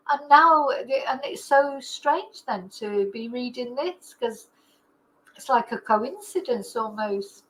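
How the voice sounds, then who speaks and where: A woman's voice: medium pitch, a bit bright, poor audio. A woman, reading a true crime account aloud and breaking off into emotional, tearful asides. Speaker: true crime channel host.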